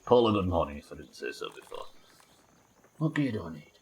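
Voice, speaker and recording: A man's voice: low voice, big pitch swings, brisk, long pauses, slight background noise. A man with a New Zealand accent streaming a video game live, thinking aloud, swearing casually and answering chat. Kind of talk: live gameplay commentary.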